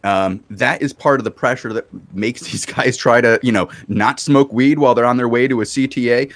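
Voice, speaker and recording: A man hosting a casual chat, telling an animated story from an online game. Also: medium pitch, moderate pace, few pauses, no room sound.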